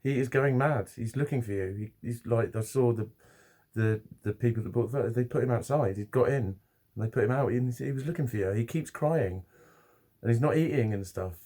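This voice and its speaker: A man's voice: medium pitch, brisk, mellow. A man talking to camera in a rambling, casual vlog, swearing often and restarting his sentences. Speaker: vlogger.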